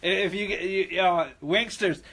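A man in his twenties telling a rowdy party story on a podcast, laughing often and shouting out the lines he quotes. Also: high-pitched, normal speed, heavy background noise. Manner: animated, laughing, acts out quoted lines loudly. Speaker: podcast co-host. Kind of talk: casual storytelling among friends.

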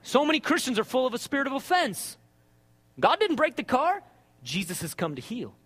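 A man preaching a sermon in an animated, conversational way, often checking in with "right?". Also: very high voice, moderate pace, slightly rough, big-room sound.

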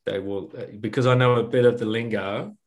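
A man's voice: lowish voice, steady tone, fairly quick. An English man hosting a podcast, joking and rambling with plenty of restarts. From England. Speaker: podcast host.

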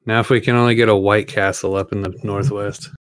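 A man's voice: fairly low pitch, little pitch movement, brisk, clean tone, no room sound, poor audio. A man in casual chat as a podcast co-host, joking around and laughing easily.

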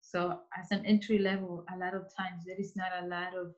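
A woman's voice: on the low side, little pitch movement, fairly quick, a little mellow. A woman interior designer giving career advice in a casual interview, earnest and repeating herself as she searches for words. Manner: earnest, speaks in restarts and repeats. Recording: slightly dull lo-fi sound.

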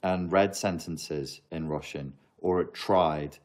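A man with a notably deep, low-pitched voice talks casually to his livestream audience. He reads viewer questions aloud and answers with a mix of joking asides and earnest advice, laughing often. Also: fairly even intonation, slow, a little mellow.

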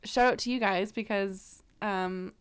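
A young woman co-hosting a podcast, telling a rambling story full of fillers and quick apologies. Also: medium pitch, fairly even intonation, clear, resonant tone. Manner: rambling storyteller, filler-heavy, self-deprecating. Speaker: podcast co-host. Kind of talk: casual chat.

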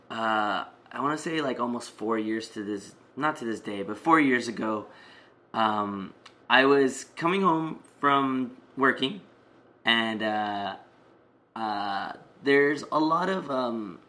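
A man's voice: mid-range voice, sharp tone. A man casually telling a personal story, rambling with many fillers and restarts.

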